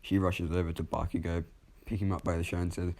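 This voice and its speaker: A man's voice: low-pitched, level tone, fast, a little mellow. A man telling a fan story off the cuff, rambling casually and correcting himself as he goes.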